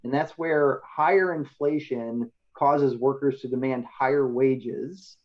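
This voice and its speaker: A man's voice: medium pitch, steady tone, slow pace. Man explaining an economic outlook, dull audio. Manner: conversational and explanatory, checks in with "right?". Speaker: economist presenter. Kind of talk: presentation with slides.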